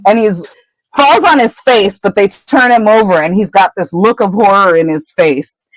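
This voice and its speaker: A woman co-hosting a podcast, retelling a book chapter in casual chat with lively storytelling. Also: mid-range voice, moderate pace, no room sound, poor audio. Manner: animated storytelling. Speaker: podcast co-host.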